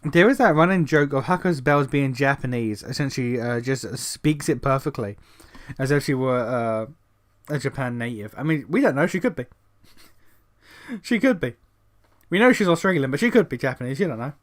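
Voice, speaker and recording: A man's voice: medium pitch, animated, normal speed. A British man giving casual gameplay commentary. He rambles, laughs often, and swears. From Britain. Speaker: streamer.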